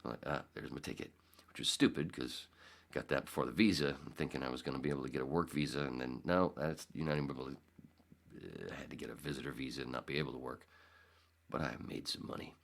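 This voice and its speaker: A man's voice: a bass voice, fast, vocal fry, a bit bright. A man in his fifties hosting a podcast, telling a long rambling story with restarts and acted-out quotes. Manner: rambling, self-correcting, acts out quotes. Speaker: podcast host. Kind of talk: casual storytelling.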